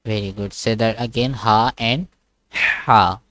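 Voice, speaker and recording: A man's voice: mid-range voice, normal speed, smooth, no room sound. A man teaching an online one-on-one lesson, patient and repetitive, often checking "okay?" and demonstrating sounds. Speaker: Quran teacher. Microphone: video call.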